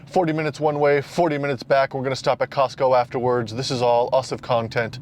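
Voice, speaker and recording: A man's voice: mid-range voice, level tone, a little fast, a little mellow, slight background noise. A young man talking casually to camera for a fitness vlog, playful and self-mocking, partly from inside a car. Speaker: fitness vlogger.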